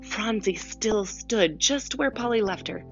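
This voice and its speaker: A woman narrating a storybook in an expressive, animated reading voice. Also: mid-range voice, unhurried, dull audio, soft background music. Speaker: audiobook reader.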